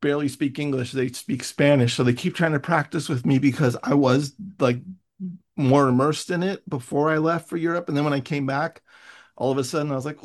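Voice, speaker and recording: A man hosting a casual chat, telling travel stories with quick asides and laughs, over a video call. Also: fairly high pitch, fairly even intonation. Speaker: host.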